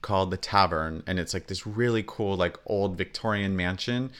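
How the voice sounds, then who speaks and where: A man with a very low voice co-hosts a chatty podcast. He talks casually, laughs easily and tosses in quick asides. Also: fairly bright tone. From Southern California. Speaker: podcast co-host. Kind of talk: casual chat.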